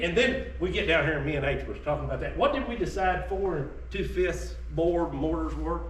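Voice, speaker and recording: A man's voice: on the high side, lively intonation, a little fast, hardly any pauses, a little hiss or hum. A man giving an informal, emphatic history talk to a group as a reenactor, in a folksy, conversational manner. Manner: folksy, emphatic, drawling asides. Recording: echoey room, voice heard from a distance.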